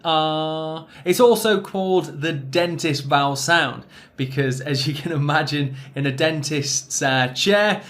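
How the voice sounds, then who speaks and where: Slow Northern English man teaching pronunciation. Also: on the high side, fairly bright tone. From Northern England. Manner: slow, careful, stretching example words. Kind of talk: recorded language lesson.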